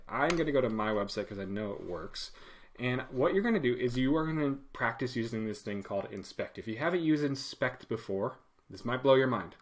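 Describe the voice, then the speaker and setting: Animated man teaching a coding lesson. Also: medium pitch. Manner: animated, acts out commands in a loud put-on voice. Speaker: web development instructor. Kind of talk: casual screen-share coding lesson.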